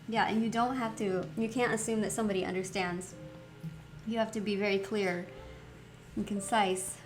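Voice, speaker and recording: A woman chatting casually as she plays through a story game, reflective and quick to laugh. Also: medium pitch, fairly even intonation, faint music behind. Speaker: let's play host.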